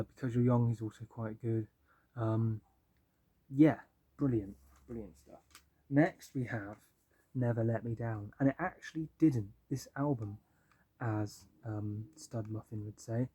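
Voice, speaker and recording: A man's voice: mid-range voice, mellow, dry recording. A young man, chatting casually and enthusiastically as a music vlogger, with many ums and likes. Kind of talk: casual album-ranking talk.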